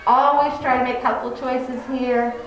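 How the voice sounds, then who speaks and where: Echoey kindergarten teacher talking to parents. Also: female voice, sits high, flat delivery, unhurried, recorded from a distance, muffled recording. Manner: chatty, warm classroom explanations with many fillers. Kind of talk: informal info-meeting talk to parents. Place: large classroom, indoors. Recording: very echoey room, voice from afar, faint noise.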